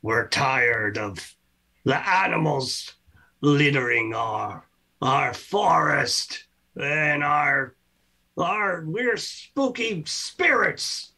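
A man voicing grumpy forest spirits with a slow, drawn-out booming voice. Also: animated, gravelly, pushed and bright, exaggerated voice. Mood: grumbling.

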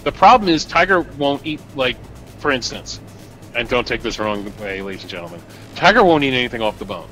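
A man with a New Jersey accent, co-hosting a casual live-stream chat, animated and talkative with quick asides. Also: mid-range voice, soft background music, poor audio.

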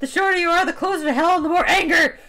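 A woman voicing a short, furious female angel who yells threats in a fan comic dub. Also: very high voice, racing, pitched above the performer's own voice, full character voice. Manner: shouted threats, yelling.

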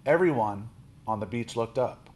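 A man reading a children's novel aloud, lifting his voice for quoted lines and dropping low on speech tags. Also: normal speed, a little hiss or hum. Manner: steady storybook reading, with small restarts.

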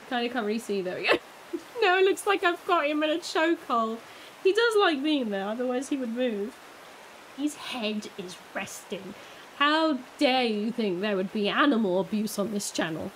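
A young woman giving casual let's play commentary, expressive and chatting to the game and her dog. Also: on the high side, a little hiss or hum, rough recording. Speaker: gaming streamer.

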